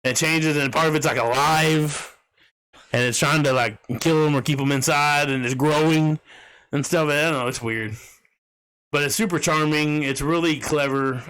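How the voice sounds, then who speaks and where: A man co-hosting a casual podcast, retelling a story in an animated way and laughing often. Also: a little high, normal speed, clean tone. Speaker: podcast co-host. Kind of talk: casual chat.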